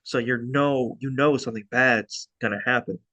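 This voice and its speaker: Bright-voiced man retelling a film. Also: medium pitch, normal speed, no room sound. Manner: animated storytelling with laughs. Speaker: podcast co-host. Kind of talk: casual chat.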